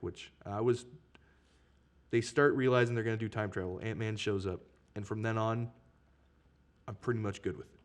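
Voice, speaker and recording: Young man with a lowish voice, storytelling. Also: steady tone, normal speed, long pauses. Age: young adult. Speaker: podcast guest. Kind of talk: casual chat.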